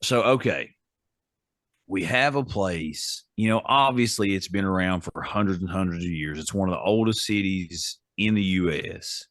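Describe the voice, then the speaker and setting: A man's voice: low-pitched, moderate pace, fairly bright tone, no room sound, studio quality. A man co-hosting a casual podcast chat, reading facts aloud in a chatty, amused way. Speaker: podcast co-host.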